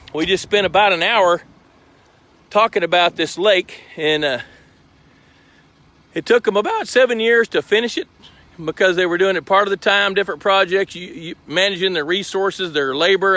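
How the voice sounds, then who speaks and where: A man's voice: sits high, pushed and bright. A man hosting a live stream outdoors by a lake, chatty and explanatory as he walks around with his phone camera. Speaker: host. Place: outdoors by a lake at a fish truck. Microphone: handheld phone camera.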